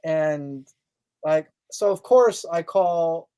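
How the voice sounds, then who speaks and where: An American man, a guest on a podcast, telling an anecdote in a casual, animated way with lots of fillers and restarts. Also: a little high, very slow, smooth. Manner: animated anecdote-telling, acts out others' lines; loose, filler-heavy talk with restarts. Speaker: guest, magazine editor.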